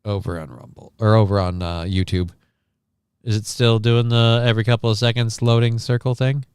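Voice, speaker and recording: Casting note: male streamer, casual and crude, smooth clear voice, dry close mic. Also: lowish voice, level tone, a little fast, a little mellow, no room sound. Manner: offhand, profane, reads chat and news aloud. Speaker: livestream host. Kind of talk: casual livestream chat.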